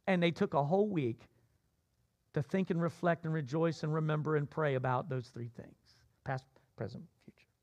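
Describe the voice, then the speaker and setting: A man preaching a sermon as pastor, swinging between loud emphatic cries and low asides. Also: moderate pace, pauses often.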